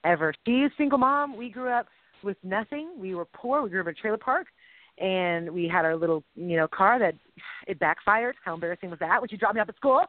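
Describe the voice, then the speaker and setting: A woman's voice: medium pitch, lively intonation, a little fast, no echo. A middle-aged woman co-hosting a faith-based chat show, talking in an emotional, rambling way with playful sound effects. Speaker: co-host. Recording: tinny phone-like dry audio.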